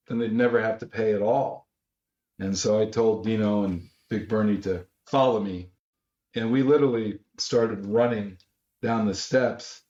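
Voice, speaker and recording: A man tells his story with growing energy, breaking into loud acted-out quotes. His mid-range voice sits in a roomy space, and the audio is a little dull and muffled. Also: mid-range voice. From Los Angeles. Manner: animated storyteller, acts out shouted quotes. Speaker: author guest. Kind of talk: storytelling interview.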